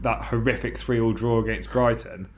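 Man, podcast host, casual fan chat, reflective, mid pitch. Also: steady tone, moderate pace, muffled recording, noisy background. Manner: reflective, steers the conversation.

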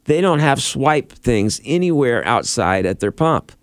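A man's voice: mid-range voice, a little slow, dry recording. A man hosting a morning radio show, telling stories in casual banter. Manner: lively storytelling, animated.

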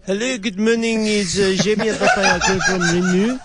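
Guy hamming up a pompy french car boss, thick fake accent, prank call on the radio, bit high. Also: moderate pace, heavy background noise, close to an everyday voice. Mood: mock formal. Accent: put-on French. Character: pompous French male company boss. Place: radio studio.

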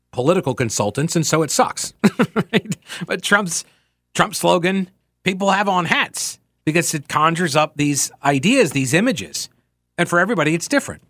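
Opinionated talk radio host, dry studio sound. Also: male voice, fairly high pitch, fairly bright tone, no echo. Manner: opinionated, rambling, reads listener emails aloud. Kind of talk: conversational political talk radio.

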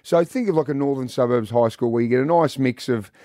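A man's voice: mid-range voice, fast talker, mellow, dry recording, clean studio sound. A man in his forties with an Australian accent, co-hosting a radio show and telling jokey, blokey stories in casual banter. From Melbourne area, Australia. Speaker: radio co-host.

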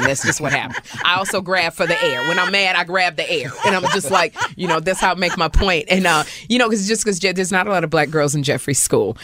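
A middle-aged woman comedian chatting as a guest, telling lively stories and acting out quotes with big jumps in pitch. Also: no room sound. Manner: animated storyteller who acts out her son and herself with big pitch jumps. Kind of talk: casual interview chat.

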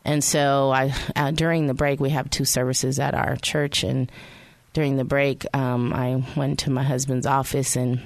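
A woman's voice: a bass voice, level tone, moderate pace, no room sound. A woman hosting a radio show, telling a personal faith story in a chatty way and speaking straight to her listeners. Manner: chatty, addresses listeners directly.

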